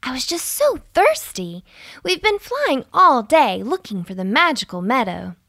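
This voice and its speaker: A woman's voice: high-pitched, sing-song, unhurried, fairly bright tone, no echo, clean studio sound, pitched above the performer's own voice, exaggerated voice. A woman voicing a friendly lady unicorn. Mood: apologetic. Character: cheerful female unicorn friend.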